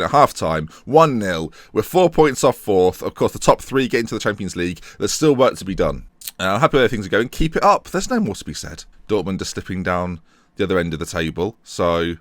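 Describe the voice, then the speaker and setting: A man's voice: fairly low pitch, no echo, clean studio sound. A young man casually commentating on a game he is playing, chatty, playful and self-mocking. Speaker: gaming channel host.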